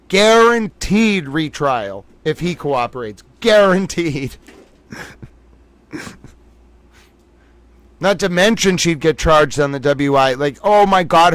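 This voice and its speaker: A man's voice: on the high side, a bit bright, dry recording. A man hosting a livestream, thinking aloud, exclaiming and laughing as he reacts live to news. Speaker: livestream host. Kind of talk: excited live reaction commentary.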